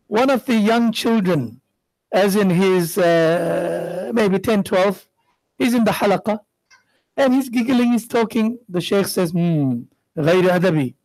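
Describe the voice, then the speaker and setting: A man's voice: sits high, a little slow, a little mellow, no room sound, low-quality recording. A middle-aged man preaching a sermon as a sheikh, asking rhetorical questions and acting out the voices in his stories. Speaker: sheikh giving a religious talk. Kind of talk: sermon with storytelling.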